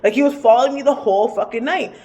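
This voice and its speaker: Animated woman telling a spooky story. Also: on the high side, quick pace. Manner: animated, rambling, filler-heavy and profane. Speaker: psychic medium. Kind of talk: casual storytelling to camera.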